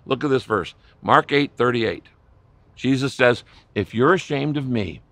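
A man preaching a sermon as pastor, impassioned, swinging between loud emphatic lines and hushed, low ones. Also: no room sound.

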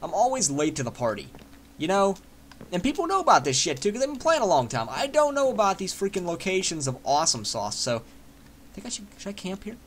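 A man giving casual let's play commentary, excitable and self-mocking, swearing freely as he plays. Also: sits high, fairly quick, a little hiss or hum. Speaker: gaming channel host.

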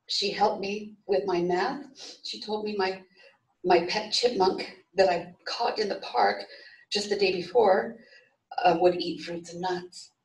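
Woman reading a story, slight fry. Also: mid-range voice. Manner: steady storytelling with small restarts. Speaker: reader at a memorial service. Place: memorial service venue. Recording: echoey room, voice from far off.

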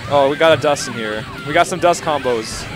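A young man doing live, joking, profane commentary on a fighting-game match at a tournament, yelling at big plays. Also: mid-range voice, brisk. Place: gaming tournament venue. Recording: live stream with crowd noise and music.

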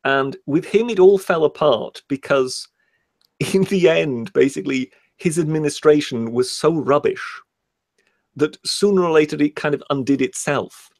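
A British man co-hosting a casual livestream chat, talking hesitantly with many pauses and slowing down to read passages aloud. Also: fairly high pitch, gravelly, darkish tone, no echo. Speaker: co-host.

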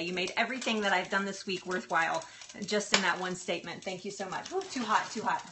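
A woman hosts a live cooking stream at home, her voice on the high side with a little hiss or hum on the recording. She chats happily with viewers, addresses the food as she cooks, and thanks people warmly, while faint sizzling and stirring can be heard.

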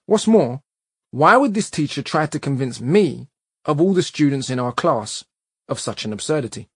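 A man reading a nonfiction audiobook in a measured, emphatic way. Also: fairly high pitch, expressive, breathy edge, no echo, clean studio sound. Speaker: audiobook narrator.

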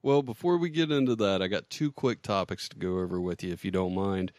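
A man's voice: sits low, brisk, darkish tone, no echo, clean studio sound. A man hosting a podcast, asking his guest curious questions in a casual, easy-laughing way. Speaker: podcast host.

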